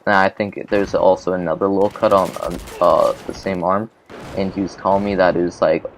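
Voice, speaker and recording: A man's voice: sits low, level tone, a little fast, slight background noise. A man hosting a gaming channel, telling a childhood story in a rambling, casual way with lots of swearing and fillers. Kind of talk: casual storytelling over gameplay.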